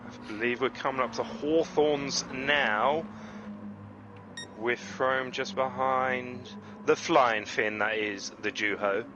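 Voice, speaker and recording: A man commentating on an online racing league in a casual, chatty way. He is self-deprecating and breaks into excited exclamations as the cars battle. The recording carries clear background noise with game engine sounds behind him. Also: medium pitch, slow, highs cut off. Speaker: race commentator.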